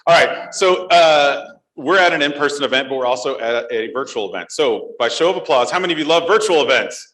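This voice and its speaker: A man's voice: fairly high pitch, expressive, a little fast, a bit bright, roomy sound, low-quality recording. Playful man hosting a live podcast. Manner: playful, jokey, engages the crowd. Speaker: podcast co-host. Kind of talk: live podcast chat with audience. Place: conference room with live audience.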